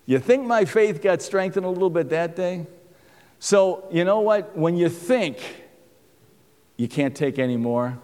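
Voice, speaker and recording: A man delivers a sermon-style testimony with a lively, swooping voice. He tells the story with little chuckles and acts out the voices in it. The sound carries a long reverb, as in a big hall. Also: on the high side. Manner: animated storytelling with chuckles and quoted dialogue. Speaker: speaker giving a testimony talk.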